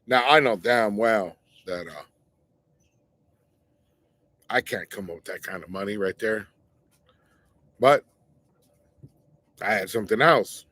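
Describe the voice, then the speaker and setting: A man's voice: fairly low pitch, slow pace, pauses often, a bit bright, no room sound. A middle-aged man hosting his own show, telling a personal story in a casual, blunt, slangy way and warning listeners. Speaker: show host.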